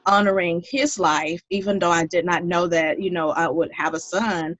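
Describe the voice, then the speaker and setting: A woman's voice: fairly low pitch, fairly even intonation, moderate pace, a bit bright, no room sound. Woman, thirties, heartfelt podcast storytelling, dull close sound. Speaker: guest. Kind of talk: podcast interview.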